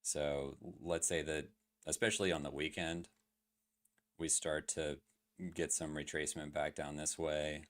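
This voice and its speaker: This very deep male voice holds a level tone at a slightly slow pace. He's streaming live, casually walking through crypto charts with plenty of filler words and questions aimed at his chat.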